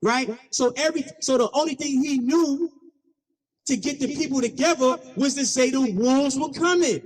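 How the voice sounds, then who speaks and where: A man giving a keynote speech, telling stories in an animated, playful, slangy way with frequent call-and-response. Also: very high voice, moderate pace, long reverb tail. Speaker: keynote speaker. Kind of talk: storytelling speech.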